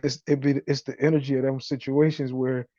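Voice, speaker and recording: Mellow laid-back male podcast host. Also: medium pitch, flat delivery, fairly quick, no room sound. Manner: laid-back, laughs along, brief prompts. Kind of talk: casual interview chat. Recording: dull lo-fi dry sound.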